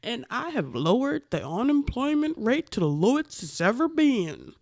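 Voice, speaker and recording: A woman putting on a mocking impression of a boastful older male politician, pitched up from her usual voice. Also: very animated, moderate pace, vocal fry, a little mellow, dry recording, studio quality, exaggerated voice. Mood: smug. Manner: self-congratulating, mocking impression.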